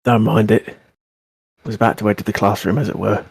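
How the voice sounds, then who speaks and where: A man's voice: on the low side, flat delivery, moderate pace, gravelly, darkish tone, slightly rough, dry recording. A man playing a sleepy, terse young student. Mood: flat. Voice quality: tired and curt. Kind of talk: visual novel voice acting.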